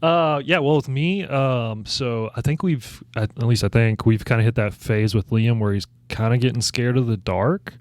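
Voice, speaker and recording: Young male podcast co-host, animated storyteller, medium pitch, dry sound. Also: normal speed, hardly any pauses, no room sound. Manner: animated storyteller, many fillers. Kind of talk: casual chat.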